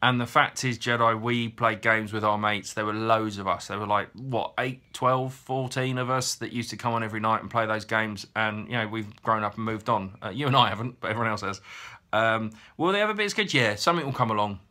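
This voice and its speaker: A man in his thirties, answering viewer questions in a chatty, frank way with frequent pauses and ums. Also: fairly low pitch, sharp tone. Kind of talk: casual Q&A chat.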